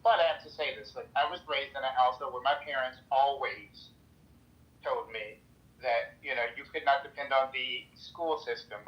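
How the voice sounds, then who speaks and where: A man's voice: mid-range voice, normal speed, lo-fi sound. An American man speaking earnestly in a casual discussion, with many restarts and "right?" asides. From United States. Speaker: guest speaker in an audio chat room.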